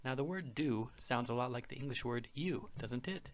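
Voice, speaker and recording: A man narrates a beginner language lesson at a normal speed, his voice medium in pitch. As a language teacher, he explains words patiently, step by step.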